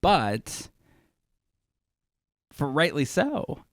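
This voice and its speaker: A man's voice: a little high, wildly swooping pitch, very slow, no room sound, studio quality. A man co-hosting a podcast, chatting casually and rambling with frequent restarts. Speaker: podcast co-host. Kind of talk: casual chat.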